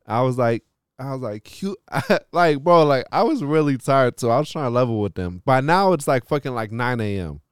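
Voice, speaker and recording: A man with a smooth, mid-range voice at a moderate pace hosts a podcast, telling a long, casual story laced with profanity and frequent "like". The audio is studio quality without echo.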